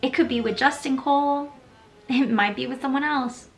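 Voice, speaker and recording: A woman voicing a calm, supportive young female friend who talks soothingly. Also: high voice, normal speed, faint music behind. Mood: reassuring.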